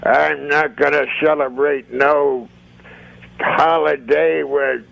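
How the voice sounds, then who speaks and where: A man voicing a cranky, bigoted old man puppet on a talk show, grumbling slowly and sullenly. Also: a little high, fairly even intonation, gravelly, a bit bright, dry recording, lo-fi sound, exaggerated voice. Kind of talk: ventriloquist puppet act.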